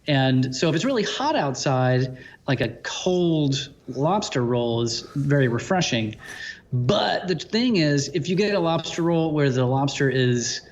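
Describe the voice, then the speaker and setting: A man co-hosts a casual podcast and keeps up a run of jokes and quick asides. His voice sits a little high. The recording sounds somewhat dull and muffled. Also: animated. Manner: joking, upbeat, quick asides. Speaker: podcast co-host. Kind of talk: casual chat.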